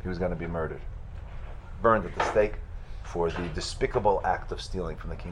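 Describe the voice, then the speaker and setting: A man, a rabbi, telling a religious story in a sermon, halting and restarting at times. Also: low-pitched, very noisy. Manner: halting retelling with restarts, rising to loud fervent chanting at the end.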